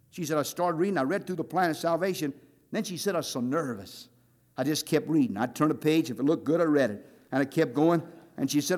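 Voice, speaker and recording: A man's voice: mid-range voice, brisk. An older man preaching a sermon, telling folksy stories and acting out voices in quoted dialogue. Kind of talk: sermon with storytelling.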